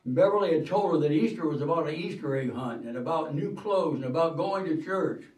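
A man preaching a sermon, telling a story in an earnest, measured way with "uh" fillers and the odd throat-clearing. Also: a little high, expressive, a little mellow. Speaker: pastor. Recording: roomy hall, mic at a distance.

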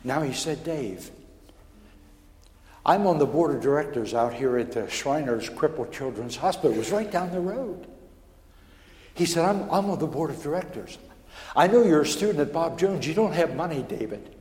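A man preaching a personal testimony, telling his story in a stammering, animated way that builds in excitement. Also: fairly high pitch, moderate pace. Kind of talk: sermon testimony. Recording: echoey hall with long reverb.

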